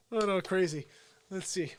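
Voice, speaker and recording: A man with a New Jersey accent hosting an unscripted live stream, chatting with viewers in an energetic, rambling way. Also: sits high. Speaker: live-stream show host.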